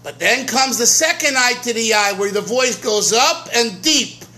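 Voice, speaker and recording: A rabbi from America giving an informal teaching talk at a gathering, drawn-out and emphatic, often repeating words and stopping to sing a melody. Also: male voice, extremely high pitch, expressive, sharp tone.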